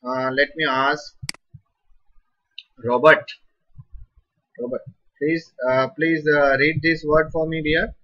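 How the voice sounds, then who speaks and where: Teaching Sanskrit pronunciation in a live online session, an Indian English teacher names students one by one and praises every answer. He talks slowly in a bright, forceful, slightly high voice with little pitch movement, over a dull, lo-fi recording.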